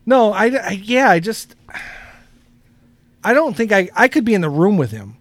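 High-voiced rambling podcast co-host man. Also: very animated, normal speed, dry recording. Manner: rambling, laughs often, drifts into loose anecdotes. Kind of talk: casual podcast chat.

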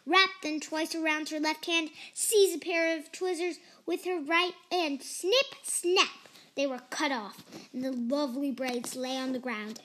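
A young woman with a high, light voice reads a fairy tale aloud. She goes carefully line by line, with the odd slip and restart. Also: fairly bright tone. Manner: careful reading with small slips. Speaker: storyteller.

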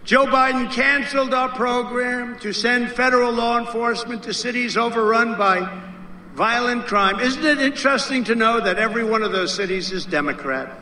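A man gives a rally speech and circles back to his points again and again with emphatic asides. His voice is high and bright. It echoes through a big room and is picked up from a distance. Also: slight background noise. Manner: rambling, repetitive, with emphatic asides. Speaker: political speaker. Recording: roomy, heard from a distance.

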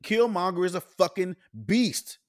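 A man's voice: sits high, fairly even intonation, unhurried, a little mellow, no room sound, studio quality. A man co-hosting a podcast, speaking bluntly with lots of profanity in casual chat. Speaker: podcast co-host.

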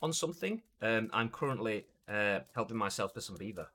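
A man's voice: on the low side, fairly quick, a little hiss or hum. A young English man hosting a gaming news stream in a casual, jokey chat. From England. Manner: animated, jokey, puts on silly voices. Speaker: gaming news show host.

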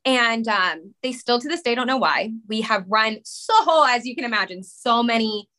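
A woman in her thirties with a high, bright, forceful voice rushes through an emotional personal story as a guest in a conversation. She rambles, restarts and leans on "like" constantly. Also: lively intonation. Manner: rushed, rambling, many "like" fillers. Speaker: podcast guest, mother.

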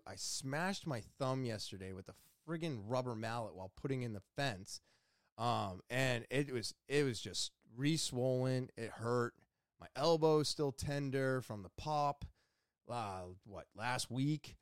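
A man's voice: medium pitch, measured pace, no echo. Exasperated man telling a story, dry sound. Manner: animated, exasperated retelling with quoted inner thoughts. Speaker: vlogger. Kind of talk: casual storytelling to camera.

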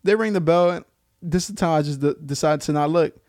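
A man's voice: fairly high pitch, fast talker, darkish tone, dry recording, clean studio sound. Joking young man from Brooklyn. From Brooklyn, New York. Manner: joking, brings up topics, teases. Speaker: podcast co-host. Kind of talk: casual chat.

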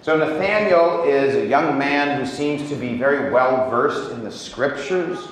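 A man from Indiana preaching a sermon as pastor, relaxed and conversational with touches of humor. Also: medium pitch, measured pace, very echoey, slight background noise, poor audio. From Indiana, USA. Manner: conversational and humorous, with acted quotes.

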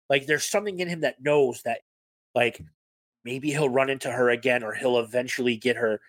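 A man's voice: mid-range voice, normal speed, no room sound. Enthusiastic profane man chatting about films. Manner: enthusiastic, profane, quotes scenes in put-on voices. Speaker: podcast co-host. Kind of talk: casual film chat.

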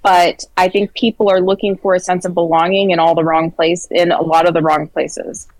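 A woman in a casual interview conversation, her voice sitting low for a woman. She talks earnestly and haltingly, restarting her sentences and filling pauses with "um." The sound is close and dry. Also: little pitch movement, darkish tone, no room sound, poor audio. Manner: earnest, halting storytelling with many fillers. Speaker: guest.

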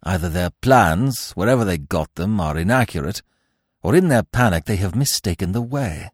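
A man's voice: low-pitched, animated, normal speed, breathy edge, no echo, studio quality. A man voicing a grimly purposeful male investigator who speaks in clipped, urgent commands.

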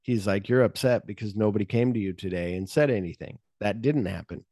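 A man talks through a movie in a loose, chatty way, jumping into quick impressions of the characters as he goes. His voice sits low, and the recording is dry and close. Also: a little mellow, dry recording. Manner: recaps scenes and acts out characters' lines. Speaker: podcast host. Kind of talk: casual movie discussion.

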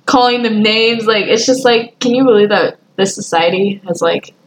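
A woman's voice: medium pitch, moderate pace, a little hiss or hum, poor audio. Blunt young woman, casual chat. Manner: emphatic, swears freely, laughs often.

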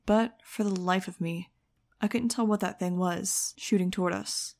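A woman narrating an audiobook, reading lively scripted prose. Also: medium pitch, normal speed. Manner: lively, shifting into excited first-person telling.

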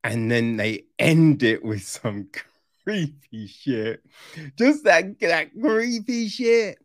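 Reviewer, slow-paced but swingy delivery, dry close sound, casual and sweary. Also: medium pitch, no room sound. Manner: animated, swearing, acts out reactions. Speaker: film reviewer.

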